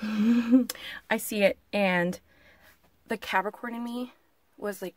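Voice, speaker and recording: A woman's voice: mid-range voice, measured pace, pauses often, dry recording. A woman vlogger recounts a story in a chatty, profane rush, leaning into the drama. She peppers her talk with "like" and "you know". The recording is dry, with no room sound. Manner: frequent filler "like". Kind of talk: casual story-time vlog.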